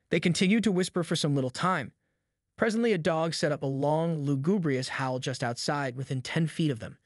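A man reads a classic novel aloud in a fairly high voice. The recording is dry and close, with no room sound behind him. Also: a little fast, no echo. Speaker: audiobook narrator. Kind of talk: scripted narration of a novel.

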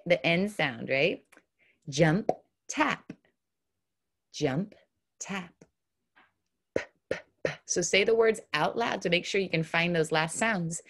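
A woman teaching young children an online phonics lesson, sounding out words slowly and clearly in an upbeat, encouraging way. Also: lowish voice, fairly bright tone. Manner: slow, clear, exaggerated word modeling. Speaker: kindergarten teacher.

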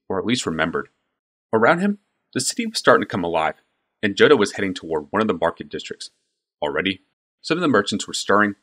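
A man narrating a fantasy audiobook in expressive storytelling. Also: deep voice, breathy edge. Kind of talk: scripted narration.

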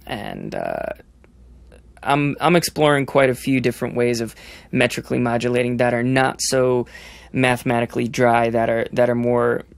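A man's voice: medium pitch, sing-song, normal speed, vocal fry, no echo. A young man, a drummer on a podcast, explaining rhythm ideas, singing the beats aloud and restarting his sentences often. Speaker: drummer guest.

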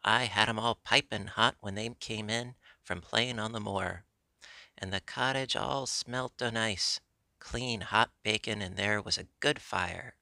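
A man's voice: on the low side, unhurried, vocal fry, sharp tone, dry recording, full character voice. A man reading a chatty young Yorkshire maid in broad, homely dialect, in a dry, close audiobook recording.

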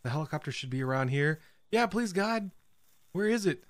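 A man's voice: a little high, lively intonation, moderate pace, dry recording. A man playing a horror game, nervously commenting, laughing and swearing as he goes. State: scared, on edge. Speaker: gaming channel host.

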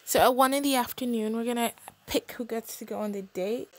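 Chatty young woman narrating her game. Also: a little high. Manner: chatty, expressive, quick reactions. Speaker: gaming channel host. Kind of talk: casual game commentary.

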